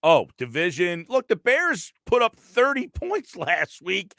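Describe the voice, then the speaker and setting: Male radio host, higher-pitched and animated, dry close sound, thinks aloud. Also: unhurried, vocal fry, no room sound. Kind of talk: live sports talk radio.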